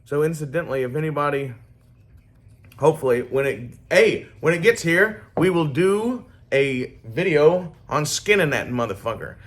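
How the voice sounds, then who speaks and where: A man's voice: a little high, animated, normal speed. A man chatting casually and swearing freely while giving a workshop project update. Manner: rambling, profane, laid-back. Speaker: hobby swordsmith vlogger.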